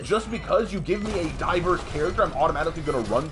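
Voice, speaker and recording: A young adult man ranting on a live stream in a casual, emphatic way, jumping up in pitch during heated outbursts. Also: fast, few pauses, faint music behind. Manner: animated, emphatic, voice jumps high in outbursts. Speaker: streamer and commentator.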